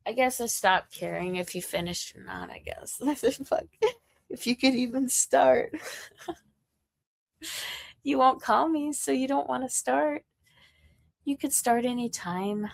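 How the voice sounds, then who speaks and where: Slow, gravelly woman ranting on a livestream. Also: mid-range voice, a bit bright, no echo. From American Midwest. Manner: taunting, mocking, profane, with frequent laughs. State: coughing, getting sick.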